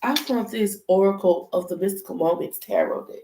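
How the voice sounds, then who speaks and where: A woman hosting a casual tarot live stream is very animated, talking a little fast in a mellow, medium-pitched voice. She's chatty and loose, speaks directly to viewers, and swears freely; the room is echoey with faint noise.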